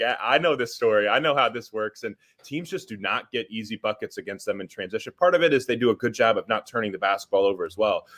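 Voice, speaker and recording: A man's voice: lowish voice, fairly bright tone. A man from central Illinois talking as a guest basketball analyst in a casual interview, easygoing and enthusiastic.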